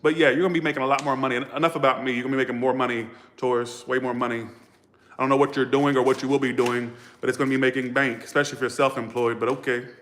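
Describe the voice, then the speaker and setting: A man's voice: mid-range voice, level tone, racing, a bit bright. A man reads tarot cards in a loose livestream style. He is outspoken and foul-mouthed, and he talks straight to his viewers. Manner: blunt, profane and outspoken. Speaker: tarot reader. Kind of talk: casual livestream tarot reading.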